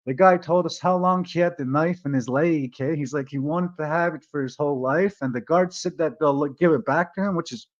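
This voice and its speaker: Rambling profane man, higher voice, lo-fi. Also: a little fast, few pauses. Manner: rambling, profane, tags lines with "eh". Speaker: vlogger. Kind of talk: casual storytelling. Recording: dull lo-fi sound.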